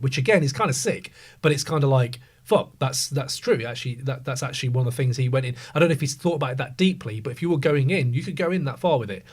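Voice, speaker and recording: A man in a casual podcast debate, talking with animated emphasis and plenty of swearing. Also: medium pitch, fast, few pauses, husky. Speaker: podcast panelist.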